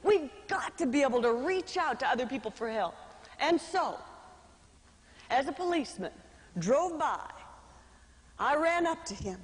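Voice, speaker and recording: Animated high-voiced woman telling a story on stage. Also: measured pace, long pauses. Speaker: motivational speaker. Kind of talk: storytelling speech to a live audience. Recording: reverberant hall.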